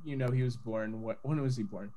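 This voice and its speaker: A man chatting casually on a podcast in a relaxed, halting way. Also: mid-range voice, a crowd in the background. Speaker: podcast co-host.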